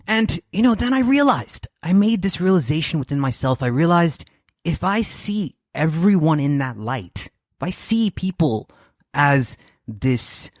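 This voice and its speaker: Male podcast host, musing, halting, dry sound. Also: fairly high pitch, very animated, no echo. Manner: reflective, hesitant with restarts. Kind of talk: casual conversation.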